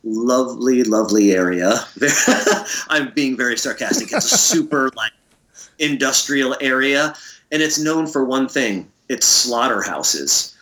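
A man's voice: medium pitch, expressive, a little slow, bright, forceful tone. A middle-aged man from Connecticut, a musician guest telling loose anecdotes in a casual interview, laughing often and swearing freely.

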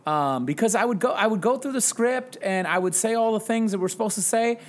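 Self-deprecating teacher telling animated stories. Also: male voice, high voice, brisk. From Wisconsin, US. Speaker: podcast guest, high school English teacher. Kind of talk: casual podcast chat, storytelling.

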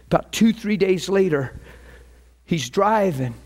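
A man with a high voice preaches in a loose, conversational way. He tells stories, stumbles over repeated words and swells into eager bursts. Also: unhurried. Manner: storytelling, repeats words, builds to excited peaks. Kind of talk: informal sermon.

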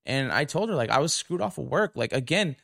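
A man's voice: on the high side, big pitch swings, brisk, gravelly, a bit bright. Profane, indignant young man ranting. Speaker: podcast host. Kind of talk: casual monologue rant. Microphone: camera recording.

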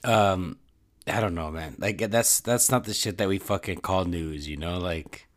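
A man's voice: low-pitched, unhurried. A man ranting casually on a podcast, swearing constantly and rambling with lots of filler words. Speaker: podcast host.

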